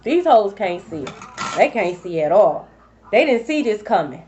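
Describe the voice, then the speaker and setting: A woman's voice: mid-range voice, sing-song, unhurried, mellow, a little hiss or hum. A woman giving a collective tarot reading, blunt and profane, repeating her points for emphasis. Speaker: tarot reader. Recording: dull lo-fi recording.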